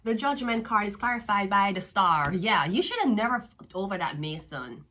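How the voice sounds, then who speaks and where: Her voice is bright, forceful, mid-range, and expressive, moving at a moderate pace as she reads tarot with a Jamaican accent. Between card pulls she taunts the listener, profane, mocking, and full of sass.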